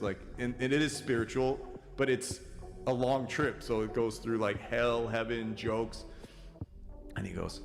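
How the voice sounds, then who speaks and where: Man, podcast guest, animated profane storyteller, mid-pitched, reverb over loud music. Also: measured pace. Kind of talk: casual storytelling chat.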